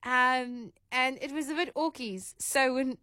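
A woman's voice: sits high, a little slow, sharp tone, dry recording. Co-host, woman, chatty storyteller, dry close studio sound. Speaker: radio co-host. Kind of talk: casual radio chat.

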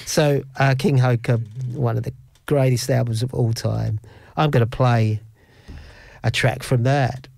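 A man's voice: mid-range voice, fairly even intonation, measured pace, gravelly, a little mellow, dry recording. A middle-aged man hosting a radio show, telling stories in a rambling, chuckling way. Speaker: radio host. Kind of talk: casual radio chat.

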